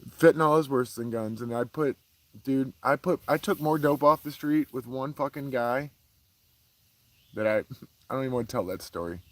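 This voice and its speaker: A man around forty, talking in a casual, heated monologue as the host, full of profanity and swinging between low mutters and raised outbursts. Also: normal speed, dry recording. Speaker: podcast host.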